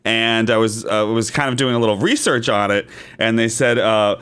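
Guy co-hosting a podcast, deeper voice, chatty then reading stuff out slow. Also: a bit bright, smooth. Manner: conversational, reads notes aloud deliberately. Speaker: podcast co-host. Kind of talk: casual podcast chat.

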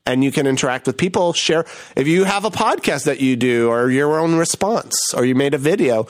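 A man hosting a podcast in casual chat, telling stories in a campy, animated way with playful quoted voices. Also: medium pitch, fairly quick, no echo, studio quality. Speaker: podcast host.

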